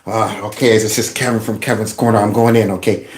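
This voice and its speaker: A man putting on a low, muttering voice as someone sneaking into a political rally, in an echoey room. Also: steady tone, fairly quick, close to an everyday voice. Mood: sneaky.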